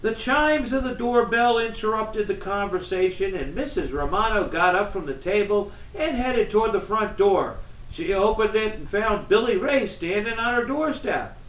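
A man's voice: high-pitched, expressive, normal speed, fairly bright tone. A man, the author, narrating his own novel in a storybook reading. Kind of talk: storybook read-aloud narration. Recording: roomy, from far off.

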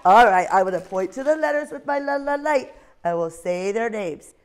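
A woman teacher leading a phonics lesson with young children and reading them a story in a slow, sing-song way. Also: fairly high pitch, lively intonation. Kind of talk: phonics lesson and read-aloud.

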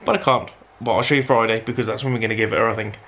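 Chatting casually to camera in a vlog, this man from the Black Country in England speaks with a Dudley accent. His fairly low, fairly bright voice races along with fairly even intonation as he rambles and pokes fun at himself.

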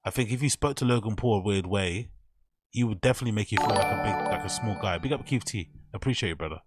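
A man's voice: lowish voice, fast talker, over music. A man hosting casual reaction commentary, mocking and profane as he rambles over clips. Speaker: commentary channel host.

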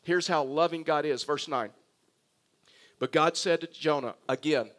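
A man's voice: fairly high pitch, a little slow, a bit bright. A male pastor preaching a sermon, earnest and emphatic, building his points through repeated phrases.

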